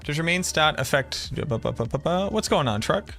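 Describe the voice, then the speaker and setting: Faint music plays under this live-stream gameplay commentary from a Boston-area man in the USA, who thinks aloud and talks with viewers as he plays. He speaks at normal speed in a fairly high, fairly bright, animated voice with some vocal fry.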